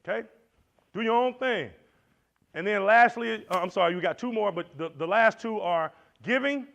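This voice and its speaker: A man teaching at a Christian men's conference, animated and preacherly, swinging between loud and soft. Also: high voice, normal speed, gravelly. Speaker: conference speaker. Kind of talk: motivational church teaching. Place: lecture hall. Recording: dull lo-fi recording.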